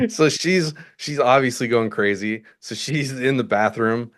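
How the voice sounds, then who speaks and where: A man co-hosting a podcast, casually describing a horror movie scene with crude, laughing asides. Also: mid-range voice. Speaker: podcast co-host. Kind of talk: casual movie recap chat.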